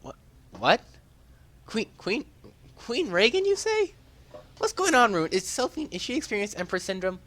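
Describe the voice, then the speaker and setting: A man voicing a capable young woman scout who speaks briskly and matter-of-factly. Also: high voice, sing-song, fairly bright tone, voice pushed up. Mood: tense.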